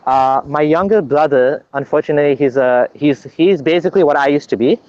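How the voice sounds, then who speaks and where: A man's voice: fairly high pitch, a little fast, darkish tone, no room sound, muffled recording. A man being interviewed as a guest, explaining at length in an earnest, conversational way, often restarting his sentences.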